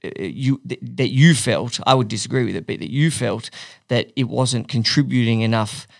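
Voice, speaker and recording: A male interviewer with a gravelly, fry-laced voice, recorded close and dry with no room sound. He feels his way through long questions, stumbling over fillers as he goes. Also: mid-range voice, dry recording. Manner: halting, searching questions with many fillers. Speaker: interviewer, host.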